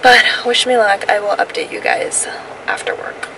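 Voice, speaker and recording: A woman's voice: on the high side, steady tone, moderate pace, sharp tone, slight background noise, low-quality recording. A young woman in her twenties talking casually to her camera, chatty and gushing, drawing out words for emphasis. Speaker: vlogger. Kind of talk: casual vlog talk to camera. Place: inside a parked car and at home.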